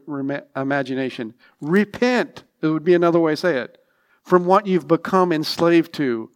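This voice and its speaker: A man preaching a sermon with emphatic, repetitive phrasing and frequent restarts, sometimes dropping into a quiet aside. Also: a little high. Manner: drops to a soft, near-whispered aside at times. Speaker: pastor.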